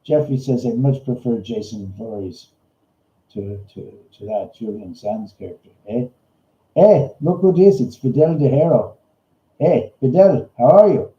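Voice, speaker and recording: A man's voice: medium pitch, lively intonation, a little slow, mellow, voice pushed down, close to an everyday voice. A man putting on a goofy Canadian ghost hunter, eh. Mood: joking. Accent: put-on Canadian. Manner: jokey, ends lines with "eh", calls people hosers. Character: goofy stoner male Canadian ghost investigator. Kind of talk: comic bit on a livestream. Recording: roomy, slightly dull livestream audio.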